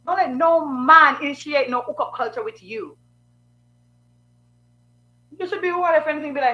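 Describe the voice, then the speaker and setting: A woman's voice: high voice, normal speed, pauses often, highs cut off. A woman giving frank, sassy advice in a preachy monologue full of rhetorical questions.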